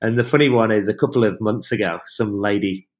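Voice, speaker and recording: A man, a small business owner, chatting casually and telling lively anecdotes. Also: fairly low pitch, a little fast. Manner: storytelling, animated anecdotes. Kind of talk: casual chat.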